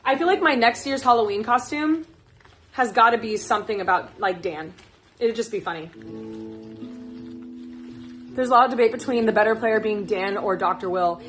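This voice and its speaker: A young woman chatting casually on a phone livestream, excitable and gushing, swearing freely as she talks about her favorite players. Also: fairly high pitch, normal speed, long pauses, faint music behind. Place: at home, moving plants indoors.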